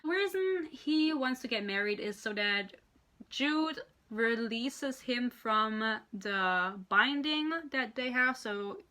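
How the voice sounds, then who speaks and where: A woman rants through a book review with exasperated, sarcastic disbelief, swearing freely. She slips into quick impressions of the characters. Her voice is bright and sits a little high. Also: animated. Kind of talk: ranting book review vlog.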